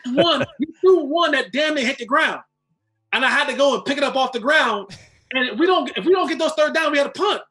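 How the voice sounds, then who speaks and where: A man's voice: extremely high pitch, expressive, fairly quick, bright, forceful tone. A man, a former football player, telling a long story as a guest in casual chat, restarting and repeating words as he goes.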